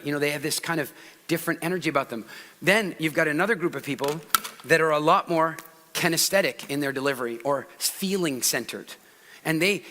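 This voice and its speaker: A middle-aged man giving a public speaking talk on stage to a live audience, animated and constantly shifting his pitch and loudness to act out different speaking styles. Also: brisk, big-room sound. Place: large hall with audience.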